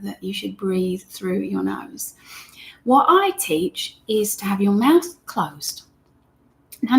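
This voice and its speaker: A woman teaching meditation in a gentle, chatty way, talking straight to her viewers and reading their comments aloud. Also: mid-range voice. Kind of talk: live-streamed guided meditation lesson.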